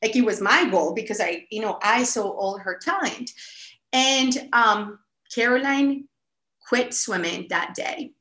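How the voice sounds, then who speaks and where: A woman telling a story casually on a podcast, animated and full of "like" fillers. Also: fairly high pitch, a little slow. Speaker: podcast guest. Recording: echoey room.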